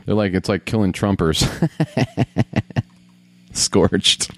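A man's voice: low voice, steady tone, drawn-out words, pauses often, a bit bright. A man casually commenting on a video game as he plays, grumbling, swearing and talking to himself. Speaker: gamer.

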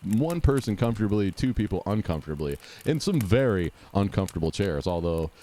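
Low-pitched guy mocking a game show as he watches, sarcastic play-by-play, little bit of background noise. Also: sing-song, a little fast, dark tone. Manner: snarky, mocking, talks back at the screen. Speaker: host commentating a game show rerun. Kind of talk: casual sarcastic play-by-play commentary.

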